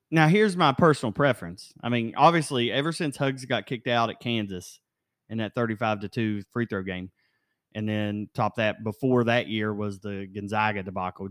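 A man's voice: on the low side, no echo, clean studio sound. A middle-aged man co-hosting a sports talk show, jokey and openly emotional, laughing often. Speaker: podcast co-host. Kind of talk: casual sports chat.

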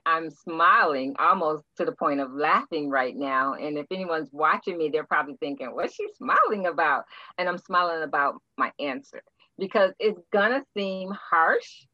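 A woman's voice: deep voice, bright, forceful tone, no room sound, muffled recording. A woman guest coach giving blunt, emphatic motivational advice in a playful, preacherly style.

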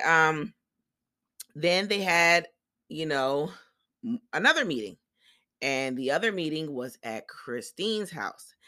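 Sassy podcast host ranting, swears a lot, acts out quotes, bright dry voice. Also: medium pitch, no room sound. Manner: animated, acts out others' quotes in quick voices; blunt and sassy, heavy swearing. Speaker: podcast host reviewing a reality show. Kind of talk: casual profane recap monologue.

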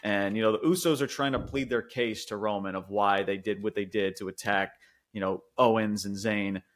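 Animated man recapping in casual chat. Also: on the low side, moderate pace. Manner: animated, rambling retelling with frequent restarts. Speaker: wrestling podcast co-host.

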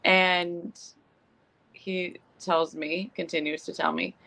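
A middle-aged woman with a gravelly, bright edge tells a story in relaxed podcast chat. She is animated and swears freely, acting out the quoted lines as she goes. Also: fairly low pitch, slow. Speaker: podcast co-host.

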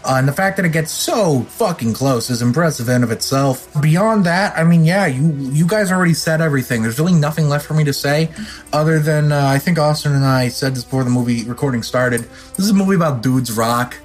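Joking man on a relaxed podcast. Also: on the high side, brisk, soft background music. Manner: jokey and relaxed, with playful swearing. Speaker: podcast co-host. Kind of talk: casual podcast chat.

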